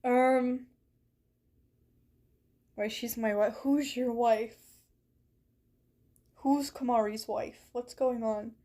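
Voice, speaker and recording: A woman's voice: a little high, steady tone, drawn-out words, pauses often, warm tone. A woman streaming a game from her bedroom, chatting with viewers in a playful, mock-dramatic way. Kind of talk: live-stream chat while gaming. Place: bedroom at home.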